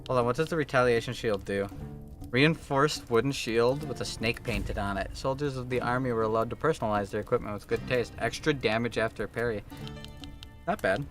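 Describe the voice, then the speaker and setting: A man streaming a video game live, reacting in an excitable, joking and profane way. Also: mid-range voice, fairly quick. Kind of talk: live gameplay commentary. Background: game music.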